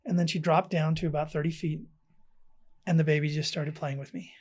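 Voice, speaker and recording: A man from South Africa, a podcast guest, telling a personal story earnestly and often dropping to a hushed, quiet tone. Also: on the high side, level tone, brisk.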